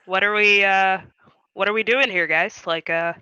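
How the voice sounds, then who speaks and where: A woman's voice: mid-range voice, steady tone, normal speed, bright, forceful tone, clean tone, no echo, dull audio. A woman playing a tabletop game, chatting casually with lots of "like" and "you know". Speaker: player.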